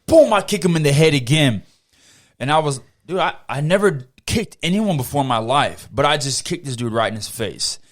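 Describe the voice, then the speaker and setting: A man hosting a podcast, telling a story in a casual, animated way and swearing freely. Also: a little high, normal speed. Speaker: podcast host.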